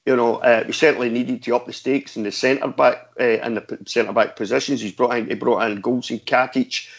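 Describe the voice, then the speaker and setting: A man's voice: mid-range voice, steady tone, a little fast, vocal fry. A man on a radio panel, chatting easily about football. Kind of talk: casual football chat. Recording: dull lo-fi sound.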